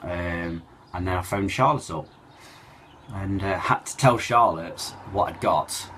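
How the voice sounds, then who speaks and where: Man, very low voice, halting emotional storytelling, fillers and restarts. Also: a bit bright, slight background noise. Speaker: cancer survivor telling his story. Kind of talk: personal storytelling to camera.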